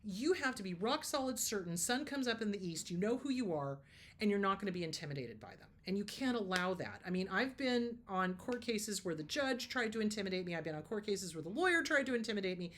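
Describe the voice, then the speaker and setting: With a mid-range voice and a slightly fast pace, a middle-aged therapist hosts her advice show over slight background noise. Her delivery is casual and emphatic, full of laughing stories and playful acted-out quotes.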